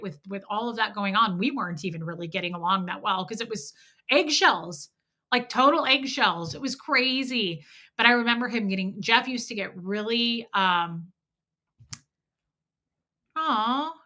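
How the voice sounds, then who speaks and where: Bright-voiced woman livestreaming. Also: mid-range voice. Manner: candid, animated retelling with acted-out quotes and swearing. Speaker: livestream host. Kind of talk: casual live chat storytelling.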